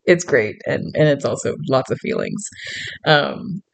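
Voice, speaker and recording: A woman's voice: extremely low pitch, expressive, a little slow, creaky. A woman vlogging in a casual, chatty storytelling monologue, laughing often and restarting her sentences. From suburbs, grew up in.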